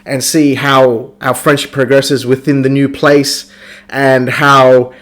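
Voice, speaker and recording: A man's voice: level tone, takes it slowly, a bit bright. A man on a podcast, ranting about a video game in a crude, profane, mocking way. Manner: crude, swears constantly, mocks characters in squeaky voices. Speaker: podcast host reviewing a game. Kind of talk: casual profane rant.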